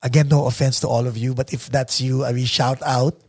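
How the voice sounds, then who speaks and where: A man's voice: mid-range voice, little pitch movement, brisk, a little mellow, husky, no room sound, studio quality. A man with a Filipino accent hosting a podcast, joking and teasing in casual chat with Tagalog mixed into his English. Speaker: podcast host.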